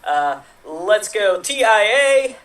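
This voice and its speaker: Improv host, upbeat, slow delivery, mid pitch, distant call audio. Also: big pitch swings, fairly bright tone. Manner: upbeat, chatty, laughs easily. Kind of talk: hosting a live-streamed improv game.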